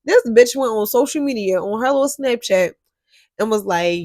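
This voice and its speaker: A young woman telling a story to her viewers in a casual vlog, animated and swearing freely. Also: a little high, normal speed, no echo. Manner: animated, profane, talks straight to viewers. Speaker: storyteller vlogger.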